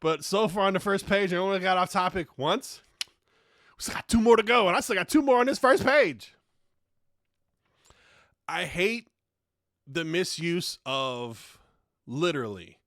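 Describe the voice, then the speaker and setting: A man hosts his own podcast and works through a profane, exasperated comedic rant. His voice sits high and bright, and it leaps up and down as he rails. The sound is close and dry, with no room echo. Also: measured pace, pauses often. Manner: heavy swearing, exasperated and animated. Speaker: podcast host.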